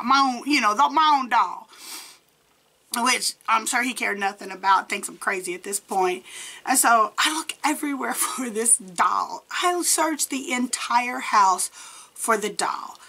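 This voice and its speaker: Woman, 40s, storytime vlogger; lively, acts out the dialogue, tense bright tone. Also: on the high side. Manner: animated, acts out quoted dialogue, laughs often. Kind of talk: casual paranormal storytime.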